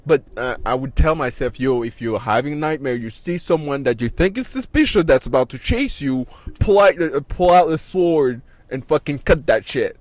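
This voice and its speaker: A man's voice: mid-range voice, animated, normal speed, hardly any pauses. A man telling a story in a casual podcast chat, rambling and restarting as he goes, swearing freely and laughing at himself. His middling voice sits in a dry, close-sounding space with almost no room echo. He talks loosely and unpolished. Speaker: podcast co-host.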